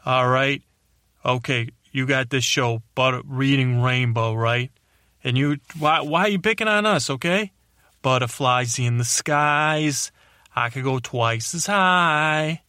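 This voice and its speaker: A man voicing a loudmouth male butterfly who rants angrily at humans in a brash, rambling way with a put-on tough-guy accent. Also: mid-range voice, no echo, clean studio sound, close to an everyday voice. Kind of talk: comedic character monologue.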